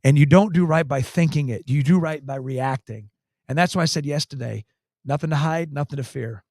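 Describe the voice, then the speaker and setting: A man's voice: a little high, brisk, darkish tone, no echo, studio quality. A man, a county sheriff, telling a story in an interview, emphatic and earnest, repeating key phrases. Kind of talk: storytelling in a talk show interview.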